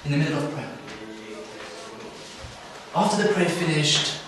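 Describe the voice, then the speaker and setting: A young man giving a religious talk at a camp, telling a story in a lively way and acting out the people in it. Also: on the high side, a little slow, heavy reverb, far from the mic, background noise. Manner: animated, acts out characters in the story. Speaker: camp speaker. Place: hall at a youth camp.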